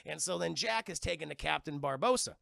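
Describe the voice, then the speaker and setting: A man's voice: a little high, lively intonation, a little fast, gravelly, bright, forceful tone, dry recording. A man streaming, retelling a movie to his chat in a rambling, profane way. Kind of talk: casual movie recap to chat.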